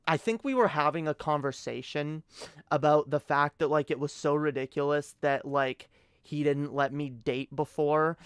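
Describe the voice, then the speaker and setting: A young man with a somewhat high, smooth voice rambles through a late-night stream story. He swears freely and keeps tripping into restarts, and the sound is dry and close. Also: no room sound. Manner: rambling, profane, many restarts.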